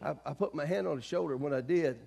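Preaching man, loud and rising. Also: fairly high pitch, fast, vocal fry, breathy edge. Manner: call-and-response preaching, swings from soft storytelling to loud emphasis. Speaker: pastor. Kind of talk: sermon. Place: church sanctuary.

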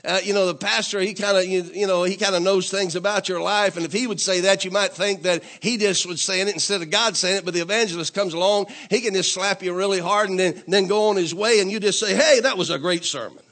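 A man's voice: high voice, steady tone, quick pace, few pauses. A man preaching a sermon in a church, calling on the congregation to say amen and building to emphatic, repeated declarations. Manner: call-and-response preaching, asks congregation to say amen; repetitive, emphatic, rising to louder declarations.

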